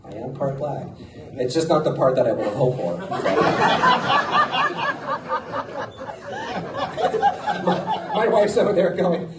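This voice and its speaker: American guy doing standup, voice jumps all over, kinda high, roomy club sound picked up from back a ways, crowd noise. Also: huge pitch swings, takes it slowly, long pauses, recorded from a distance. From United States. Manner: punchy, self-mocking delivery. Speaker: stand-up comedian. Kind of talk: stand-up comedy set. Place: comedy club stage before a live audience. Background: audience laughter.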